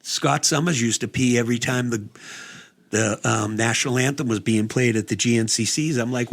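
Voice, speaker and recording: A man telling rambling, swear-filled stories as a guest host on a casual podcast. His voice sits at an ordinary middle pitch. He chats loosely and laughs often. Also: moderate pace. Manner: profane, rambling storyteller.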